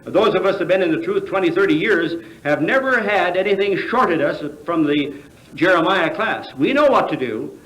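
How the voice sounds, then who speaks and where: A man's voice: high-pitched, animated, normal speed, a bit bright. An American man gives a sermon at a convention, asking his listeners rhetorical questions and stumbling over fillers as he goes. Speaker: convention speaker. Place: large convention hall. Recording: echoey convention hall.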